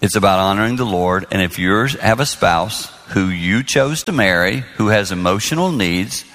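A man's voice: deep voice, moderate pace. A man in his sixties preaching on marriage to a large audience, telling stories and acting out the dialogue. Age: 60s. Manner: animated storyteller acting out dialogue. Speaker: pastor. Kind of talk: sermon on marriage. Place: large hall before an audience. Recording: long hall reverb.

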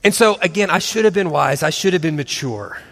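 Animated high-voiced man in his forties. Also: fairly quick, gravelly, long reverb tail. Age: 40s. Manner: animated, acts out voices and laughs often. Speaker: christian speaker and husband. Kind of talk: storytelling talk.

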